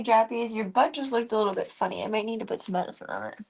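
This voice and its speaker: A young woman streaming from home, chatting casually and baby-talking her cat, often dropping to a soft, hushed voice. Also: medium pitch, lively intonation, fast talker, creaky, few pauses. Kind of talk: casual livestream chat.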